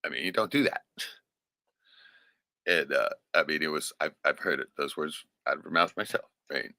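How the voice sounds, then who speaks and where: Man with a low, sharp voice for a profane story-time monologue; rambling, swinging delivery, dry sound. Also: expressive, moderate pace, dry recording. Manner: rambling and profane, often tags lines with "right?" and chuckles. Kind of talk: casual personal storytelling monologue.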